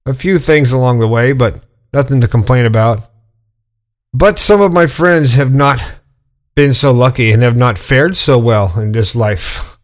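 A middle-aged man talks straight into his podcast with blunt, casual, preachy energy. He swears freely, rambling through his advice in an everyday, mid-pitched voice. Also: measured pace. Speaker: podcast host. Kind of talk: casual monologue.

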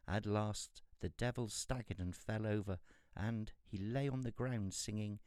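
A man narrating a fairy tale in a calm, steady storytelling manner. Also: lowish voice, unhurried, dry recording, clean studio sound.

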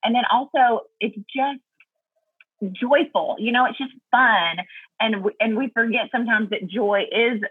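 A woman's voice: a little high, unhurried, husky, no echo, phone-quality sound. A woman guest talking earnestly and thoughtfully about Bible study in a casual faith chat, laughing easily.

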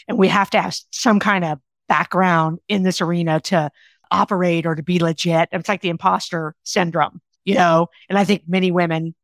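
A woman's voice: lowish voice, no room sound, studio quality. Enthusiastic woman author guesting on a podcast. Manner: enthusiastic, emphatic, down-to-earth. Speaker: author and keynote speaker, guest. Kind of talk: conversational interview.

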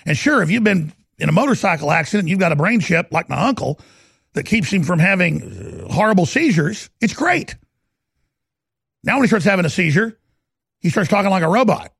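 A talk show host with a high, gravelly male voice and an urgent, hammering delivery. He rants in a dry, close sound and then pushes straight into a product pitch. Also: animated, brisk, a bit bright, dry recording. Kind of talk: ranting talk show monologue and ad read.

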